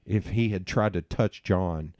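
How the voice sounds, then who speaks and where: A middle-aged man, hosting a podcast and telling animated stories with plenty of swearing and laughter at himself. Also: deep voice, unhurried, dry recording, clean studio sound. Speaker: podcast host. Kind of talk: casual storytelling chat.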